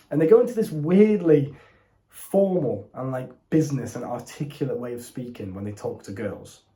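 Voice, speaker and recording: With a warm tone at medium pitch, a young dating coach sits indoors in front of a camera and gives direct advice. He's casual and blunt, and he calls whoever's watching bro.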